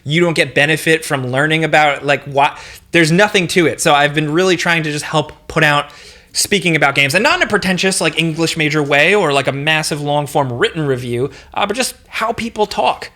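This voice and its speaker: A man with a slight New York accent hosting a casual Q&A chat about games, his voice high and jumping around as he rambles and restarts his sentences. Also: a little fast. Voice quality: high, animated voice. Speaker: gaming video host.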